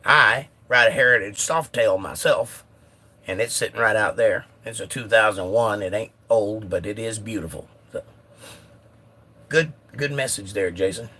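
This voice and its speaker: Male livestream host on a phone, bright and sharp tone, chatty and joking while reading viewer comments. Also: fairly low pitch, moderate pace. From United States. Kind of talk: casual live chat, reading viewer comments.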